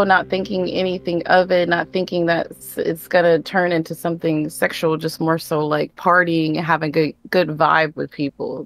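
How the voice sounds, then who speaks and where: A woman's voice: fairly low pitch, vocal fry. A woman answering interview questions in a candid, conversational way.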